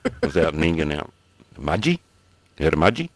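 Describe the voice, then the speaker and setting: An Australian man with a remarkably deep, low voice, rambling through casual podcast chat. The sound is dry and close to the mic, with him chuckling now and then. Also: sing-song, a little fast, dry recording. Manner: rambling, chuckles between stories. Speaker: podcast co-host.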